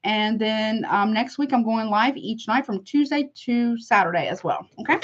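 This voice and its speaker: A woman's voice: a little high, moderate pace. Chatty woman tarot reader, dull audio. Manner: chatty, heartfelt, calls listeners honey. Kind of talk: casual tarot reading to viewers.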